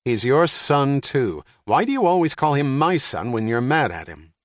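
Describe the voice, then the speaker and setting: A man voicing an excitable, sarcastic middle-aged father who talks in a brisk way. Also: mid-range voice, dry recording, studio quality, pitched above the performer's own voice, lightly acted. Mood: brusque.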